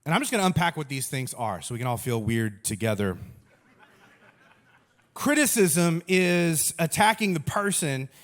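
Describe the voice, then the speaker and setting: A man in his thirties giving a humorous sermon as a pastor, telling stories in an animated, self-mocking way. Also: on the high side, normal speed.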